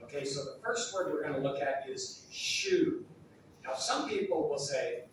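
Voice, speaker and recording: Slow, demonstrative male pronunciation coach. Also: mid-range voice, very animated. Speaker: pronunciation teacher in a played video. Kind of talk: scripted pronunciation lesson. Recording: echoey room, far from the mic, noisy.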